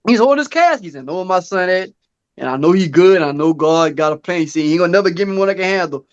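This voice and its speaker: Earnest high-voiced man telling a story. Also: lively intonation, racing, dull audio. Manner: earnest storytelling, acts out quoted dialogue in a high voice. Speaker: podcast co-host. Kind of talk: casual podcast chat.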